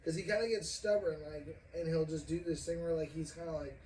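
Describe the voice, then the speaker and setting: A young man hosts a loose, casual podcast, rambling through a story with plenty of swearing and frequent laughter. His voice sits a little high for a man. He sounds set back from the mic in an echoey room, with faint noise underneath. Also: fairly quick, darkish tone, recorded from a distance. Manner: rambling, profane, laughs often. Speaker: podcast host.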